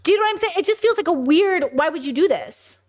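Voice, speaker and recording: A woman in her thirties hosting a live stream, chatting with viewers in an animated way full of rhetorical questions. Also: extremely high pitch, quick pace. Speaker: streamer and podcast host. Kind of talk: casual live-stream commentary.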